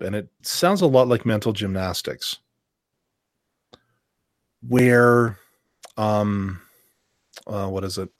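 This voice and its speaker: Male podcast host, mid-pitched, rambling and sarcastic, dry close mic. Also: no room sound. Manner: rambling, emphatic, sarcastic asides. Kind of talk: casual panel discussion.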